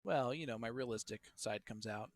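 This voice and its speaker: A man calls a live darts stream in a loose, joking way, teasing his partner between throws. His voice sits at an ordinary middle pitch. The sound is dry and close, with no room echo. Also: normal speed. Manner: chatty, joking, teasing banter. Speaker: darts commentator. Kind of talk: live play-by-play commentary.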